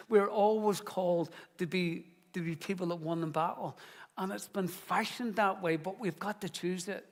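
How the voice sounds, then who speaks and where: A man's voice: high voice, a little mellow, long reverb tail. A middle-aged man, the founding pastor of his church, preaching in an earnest, conversational way and telling stories. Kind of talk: sermon.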